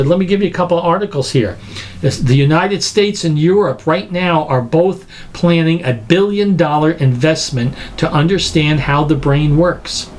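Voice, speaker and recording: A man giving an animated lecture, emphatic and incredulous, acting out everyday examples as he goes. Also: fairly high pitch, a little hiss or hum. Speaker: speaker teaching a lecture series.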